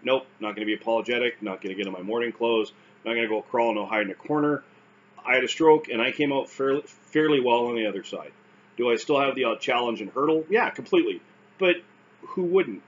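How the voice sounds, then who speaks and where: A man's voice: medium pitch, fast talker. Canadian man, casual vlog delivery, wry and self-deprecating, lo-fi muffled sound with faint hiss. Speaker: vlogger recounting stroke recovery. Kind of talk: casual talk to camera.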